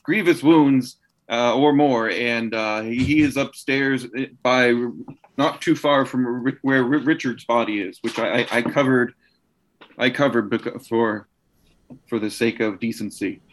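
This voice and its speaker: A man's voice: medium pitch, fairly even intonation, measured pace. A man playing a tabletop game, narrating his character's actions with lots of stammers and restarts. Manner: stammering, many restarts and fillers. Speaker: player. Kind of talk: tabletop role-play narration.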